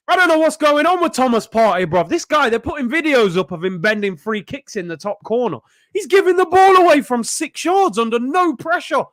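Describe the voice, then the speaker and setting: A young man hosting a live football watchalong, reacting excitedly and yelling at the players. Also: extremely high pitch, normal speed. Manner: excitable, shouting at players, frequent outbursts. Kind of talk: live match reaction commentary.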